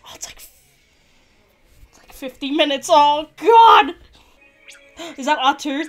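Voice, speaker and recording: A young woman hosting a TV episode reaction vlog, talking excitedly, gasping and exclaiming out loud as she watches. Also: high voice, moderate pace, soft background music. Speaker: YouTube reaction host.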